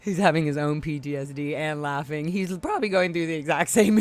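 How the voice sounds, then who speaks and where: A woman on a live video call telling a story in casual chat, animated and loudly acting out the quoted lines. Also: deep voice, fairly quick, dry recording. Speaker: guest on live stream.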